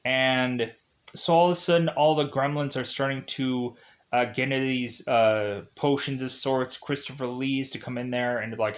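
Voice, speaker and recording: A man's voice: mid-range voice, steady tone, unhurried. A young man casually recapping a movie plot, with lots of "uh" and "like" fillers and frequent chuckles. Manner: filler-heavy, chuckling often. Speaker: movie reviewer. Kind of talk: casual rambling film recap.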